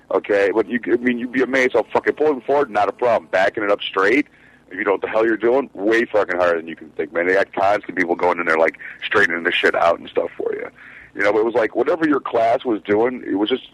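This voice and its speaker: Low-voiced, fast-talking, profane storyteller man. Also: fairly bright tone, no room sound, muffled recording. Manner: rambling, profane storytelling with many fillers. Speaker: truck driver, show regular. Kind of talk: casual podcast chat.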